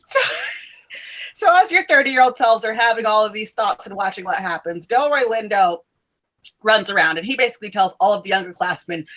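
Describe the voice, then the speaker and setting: A woman narrating a tabletop role-playing game as game master, playful and quick to laugh. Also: mid-range voice, lively intonation, a bit bright, poor audio.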